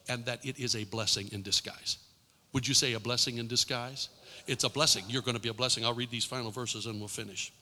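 Impassioned pastor preaching in an echoing hall. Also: male voice, medium pitch. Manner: impassioned, with emphatic repetition and sudden drops to a hushed voice. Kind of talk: sermon. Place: church sanctuary. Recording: long reverb in a large hall.

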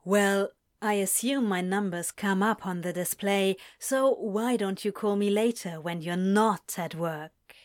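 A woman voicing a flirtatious man who teases in a low, slow drawl on the phone. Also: no echo, studio quality, close to an everyday voice. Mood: teasing. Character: flirtatious male seducer on the phone.

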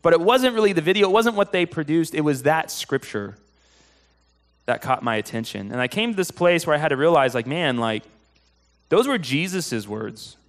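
A man delivering a sermon like he's telling friends a story, with a voice sitting a bit higher than most men's. He drops low and quiet on serious points and gets loud and animated when he's excited. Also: moderate pace. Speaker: pastor.

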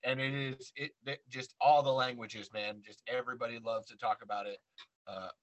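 A man's voice: mid-range voice, normal speed, lo-fi sound. A man hosting a podcast, chatting casually and joking with his guest. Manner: laughing, joking, animated. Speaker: podcast host. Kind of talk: casual interview chat.

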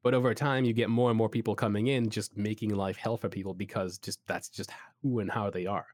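A man's voice: lowish voice, steady tone, a little fast, darkish tone, no room sound. A man in casual chat who rambles with lots of "like" and "you know", enthusiastically giving advice as a podcast co-host.

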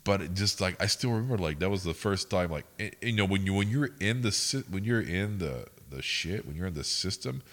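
A man's voice: low-pitched, lively intonation, brisk, hardly any pauses. A young man co-hosting a podcast, telling rambling, profane stories in casual chat. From United States. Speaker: podcast co-host.

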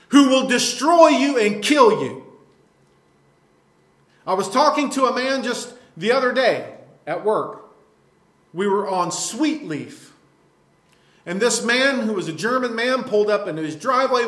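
A man preaches a fiery sermon, scolding his listeners in a fairly high voice. His words ring out through a roomy, echoing church space. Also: a bit bright.

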